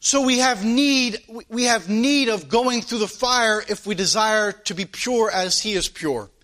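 A man's voice: high voice, unhurried, fairly bright tone. A male preacher delivering a sermon in an earnest manner, weaving in a personal story and asking his listeners rhetorical questions.

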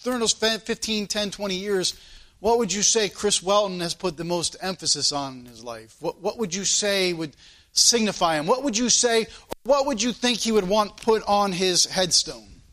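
A man's voice: sits high, expressive, normal speed, fairly bright tone. A man preaching a sermon in an earnest, questioning way, often repeating his phrases.

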